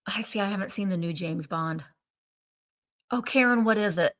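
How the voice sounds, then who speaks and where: A woman's voice: mid-range voice, moderate pace, fairly bright tone. A woman hosting a casual live stream, chatting in a rambling way and trailing off as she hunts for names. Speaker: live-sale stream host. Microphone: streaming setup.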